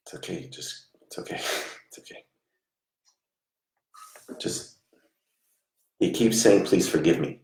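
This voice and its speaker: A man working as a psychic medium during a live reading, talking in a soft, halting way and murmuring reassurances. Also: extremely low pitch, creaky, roomy sound.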